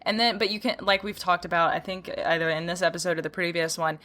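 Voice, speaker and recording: A woman's voice: on the low side, steady tone, fast talker, fairly bright tone. A woman hosting a horse-training podcast, chatting casually, giggling often and acting out her own reactions. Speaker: podcast host.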